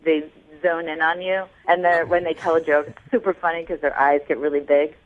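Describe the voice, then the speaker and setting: A woman's voice: deep voice, fairly even intonation, brisk. A woman calling in to a radio show, chatty and a little sassy as she tells her story. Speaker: caller. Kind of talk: telling a dating story on air. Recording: tinny phone line.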